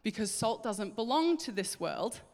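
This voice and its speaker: Aussie woman giving a sermon, bit higher voice, lively storytelling, echoey hall sound. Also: moderate pace. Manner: animated storytelling, acts out voices. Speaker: preacher. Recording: hall reverb.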